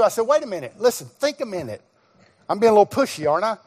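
A middle-aged male guest pastor preaching, telling a personal story with acted-out dialogue and sudden shouts. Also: high voice, fast. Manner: animated storyteller, acts out dialogue, bursts into shouts. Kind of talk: sermon storytelling. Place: church sanctuary. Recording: long reverb of a church hall.

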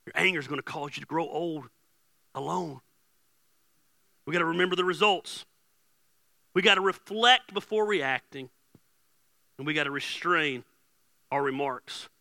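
A man preaching a casual, joking sermon as pastor, swinging from hushed asides to loud bursts. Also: a little high, normal speed, gravelly, long pauses, dry recording.

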